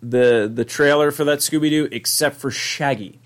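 A man's voice: medium pitch, normal speed. A man hosting a casual podcast, rambling with many restarts and swearing casually. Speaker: podcast host. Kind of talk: casual chat.

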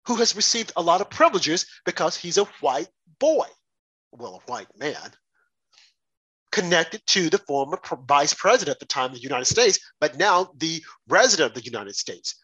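A man's voice: high voice, sharp tone, breathy edge. A man hosting a talk radio show, delivering an indignant, rhetorical monologue with emphatic questions.

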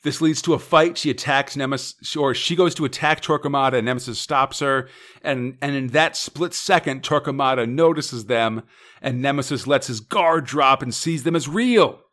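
A man's voice: medium pitch, moderate pace, fairly bright tone. A man co-hosting a podcast, recapping comic stories in a casual way with playful asides. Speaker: podcast co-host.

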